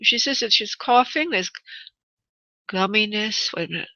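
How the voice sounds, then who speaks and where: On a live call-in radio show, a psychic medium host does a reading in a bright, crisp, medium-pitched voice with lively intonation and normal speed. She soothes the caller, calling them honey and sweetheart. Her voice is close and dry with no room sound, though the phone-in broadcast audio is slightly dull and muffled.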